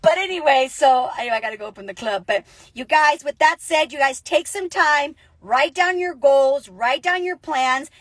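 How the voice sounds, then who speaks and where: A woman giving an energetic, chatty motivational talk as a business coach, telling stories with lots of animation. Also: high voice, moderate pace, few pauses, no room sound. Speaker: network marketing coach. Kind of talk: motivational casual vlog.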